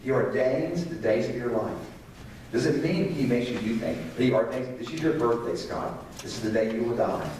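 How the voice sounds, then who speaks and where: A man's voice: medium pitch, animated, normal speed, darkish tone, a little hiss or hum. Preacher man in an echoey church. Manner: conversational, asks the congregation questions. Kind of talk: sermon on parenting. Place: church sanctuary. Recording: echoey hall, distant mic.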